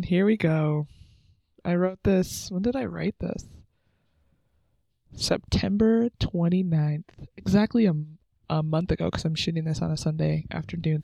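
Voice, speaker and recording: Earnest young woman, creaky mellow voice. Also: fairly low pitch, dry recording. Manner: candid, chatty, earnest with filler likes. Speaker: podcast host. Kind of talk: casual devotional talk. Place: sitting on the floor at home under a blanket.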